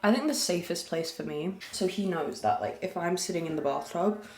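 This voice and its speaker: Woman, low voice, echoey room. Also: a little fast. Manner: rambling, candid, crude jokes, talking softly. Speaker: podcast host. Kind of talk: casual confessional chat. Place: room at a farm.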